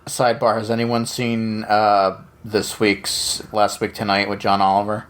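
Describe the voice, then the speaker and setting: A man's voice: fairly low pitch, monotone, measured pace, a bit bright. A man co-hosting a podcast, chatting casually with a sarcastic, jokey manner. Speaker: podcast co-host. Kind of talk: casual chat.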